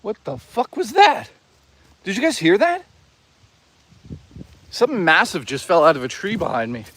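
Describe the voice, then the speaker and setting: Excitable man streaming from the woods. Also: high voice, normal speed. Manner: excitable, profane, joking with chat. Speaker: live streamer. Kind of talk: casual live-stream chatter. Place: outdoors in the woods.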